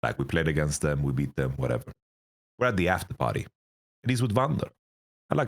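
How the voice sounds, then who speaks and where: A man's voice: a bass voice, very animated, fairly quick, creaky, long pauses. A young man, an esports head coach, telling stories in a casual interview, laughing often and filling his speech with "like". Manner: laughs through stories, lots of fillers.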